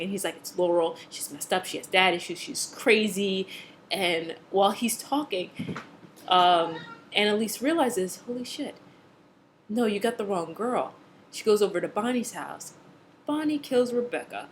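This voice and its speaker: A woman's voice: mid-range voice, expressive, unhurried, fairly bright tone, slight background noise. A woman talking casually at home as she recaps a TV episode, gossipy and full of laughs and fillers, acting out the characters' lines as she goes. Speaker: TV episode reviewer. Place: home room with a cat.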